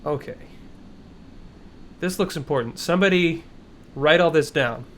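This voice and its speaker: Joking New gaming streamer. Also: male voice, fairly high pitch, a little slow, fairly bright tone, a little hiss or hum. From New Jersey. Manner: joking, profane, rambling. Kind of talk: casual gaming stream commentary. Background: game music.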